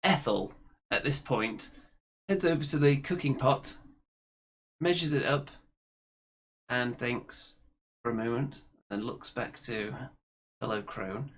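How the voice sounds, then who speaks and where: A man's voice: mid-range voice, takes it slowly, pauses often, a bit bright. A man narrating a tabletop game as game master, dramatic and storytelling.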